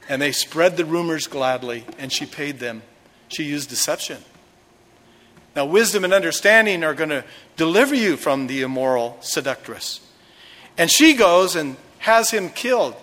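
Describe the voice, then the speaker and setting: A man's voice: fairly high pitch, animated, unhurried, fairly bright tone, in a large hall. A male pastor preaching a sermon, retelling a story dramatically with acted quotes.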